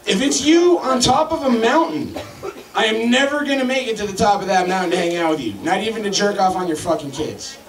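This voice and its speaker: A man in his thirties hosting and doing crude, deadpan stand-up comedy to a crowd. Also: high-pitched, a little fast, distant mic. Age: 30s. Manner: crude, deadpan joke delivery. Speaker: comedy host. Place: crowded club, roomy. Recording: echoey room, mic from afar, loud crowd.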